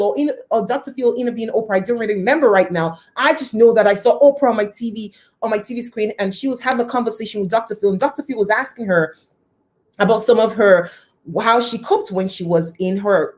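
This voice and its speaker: Animated woman telling her life story. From lives near Toronto. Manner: animated, greets viewers by name, dramatic pitch swings. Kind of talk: personal storytelling live stream.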